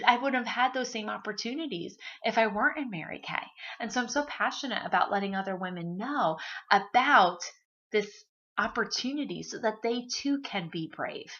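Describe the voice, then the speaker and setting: A woman from the United States delivers a motivational talk to her sales team, upbeat and chatty with plenty of fillers and emphatic stresses. Her voice is bright and forward at a middling pitch. The recording is somewhat dull and lo-fi.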